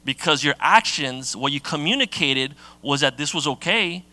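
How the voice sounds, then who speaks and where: Bright-voiced man preaching conversationally. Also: a little high, animated, moderate pace, dry recording. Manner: conversational, many fillers and restarts. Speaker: pastor. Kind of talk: sermon.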